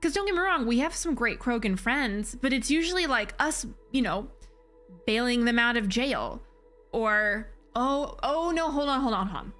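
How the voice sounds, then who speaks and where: A woman's voice: on the high side, expressive, normal speed, fairly bright tone, faint music behind. A woman streaming a video game, talking casually and animatedly, swearing freely. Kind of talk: casual let's-play commentary.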